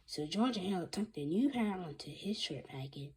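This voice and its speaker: A woman reading a children's chapter book aloud, halting and restarting often. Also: on the low side, lively intonation, husky. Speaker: reader.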